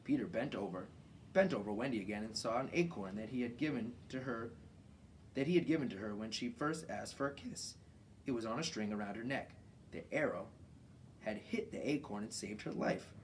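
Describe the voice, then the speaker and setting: Relaxed male story reader, mid-pitch, garage workshop, faint background hum. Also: a little fast, far from the mic, poor audio. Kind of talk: reading a children's book aloud.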